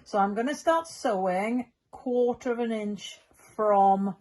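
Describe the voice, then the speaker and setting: A woman's voice: mid-range voice, slow pace, darkish tone. A middle-aged woman giving a patient, step-by-step sewing demonstration as a quilting teacher. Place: sewing room at a machine.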